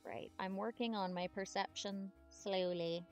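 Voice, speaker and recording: A woman chatting excitedly as she plays and reads through a story game, commenting aloud as she goes. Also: medium pitch, unhurried, faint music behind. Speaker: gamer streamer.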